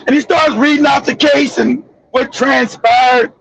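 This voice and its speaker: A man hosting a live stream, ranting loudly and animatedly with profanity. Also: very high-pitched, fairly even intonation, measured pace, creaky, no room sound, muffled recording. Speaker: stream host.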